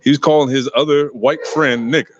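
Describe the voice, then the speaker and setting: A man's voice: mid-range voice, fairly even intonation, fairly quick, no echo. A man on a casual podcast, telling stories with emphasis and blunt profanity, sometimes acting out other people's voices. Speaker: podcast co-host. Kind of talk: casual podcast debate, storytelling. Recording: dull lo-fi sound.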